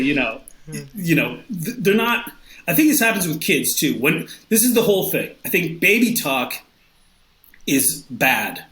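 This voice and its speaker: A man guesting on a podcast with a slightly high, bright voice. He tells stories with a lot of swing in his pitch and laughs easily. The room has a noticeable echo. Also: normal speed. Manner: animated storytelling, laughs often, acts out quotes. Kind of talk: casual chat. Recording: roomy echo.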